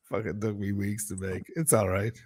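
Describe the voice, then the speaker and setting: A man's voice: on the low side, steady tone, normal speed, darkish tone, no room sound, studio quality. A tipsy man co-hosting a casual livestream chat, laid-back and mumbling, swearing often.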